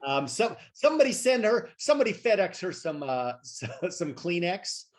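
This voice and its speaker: A man's voice: sits high, sing-song. A man hosting an online training call, loose and joking, filling gaps with uhs. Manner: loose, joking, fills pauses with uh and um. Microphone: video call.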